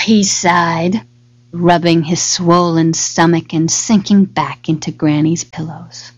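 A woman reads a fairy tale aloud in an expressive, dramatic storybook manner. She takes her time over each phrase, with loud music playing under her voice. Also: lowish voice, slow pace. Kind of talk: storybook narration.

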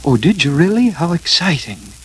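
A man voicing an eager, kind young boy, his voice lifted high and brisk. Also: sing-song, slightly rough, full character voice, poor audio.

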